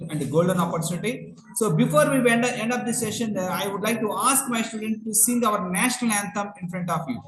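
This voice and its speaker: A man hosting an interview, asking questions politely and hesitantly with many pauses. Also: sits high, a crowd in the background. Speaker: host, interviewer. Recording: echoey room.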